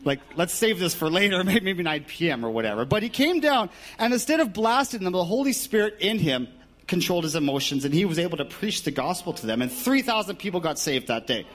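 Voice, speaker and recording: A man preaching a sermon, telling stories with lively shouted asides and jokes. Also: high voice, brisk.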